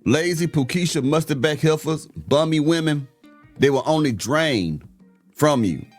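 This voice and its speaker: A man's voice: fairly high pitch, animated, measured pace, soft background music. A man giving a blunt, slangy, preachy commentary rant as the host of a show that reacts to clips.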